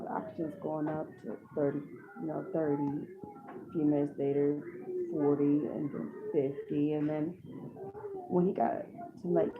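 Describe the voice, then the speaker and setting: A woman's voice: deep voice, vocal fry. A mother retelling a painful personal story with raw, tearful emotion, acting out her own words as she goes. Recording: tinny phone-like audio with background noise.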